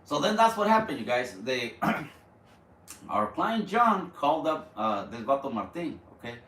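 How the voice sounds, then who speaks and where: Male live-streamer, animated storyteller, roomy room, mic set back from him. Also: a little high, a little slow. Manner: animated, repeats words, drops Spanish slang. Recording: roomy, distant mic, faint background.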